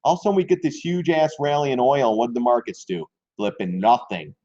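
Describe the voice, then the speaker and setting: A man talks through stock charts on a live stream, blunt and excitable and quick to use crude slang. His voice is dark and mellow in tone. The audio sounds dull and lo-fi. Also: medium pitch.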